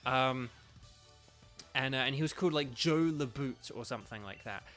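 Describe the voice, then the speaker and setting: A man's voice: medium pitch, normal speed, fairly bright tone, soft background music. A man streaming a video game, chatting casually and rambling as he reads viewer comments aloud. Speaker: streamer and voice actor.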